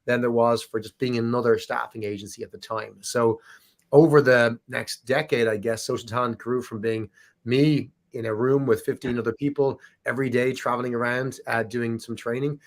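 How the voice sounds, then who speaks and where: A man's voice: medium pitch, fairly even intonation, normal speed. A man in his forties with an Irish accent, chatting casually and laughing as a guest on a recruiting podcast. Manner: chatty, laughing, restarts often. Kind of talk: casual chat.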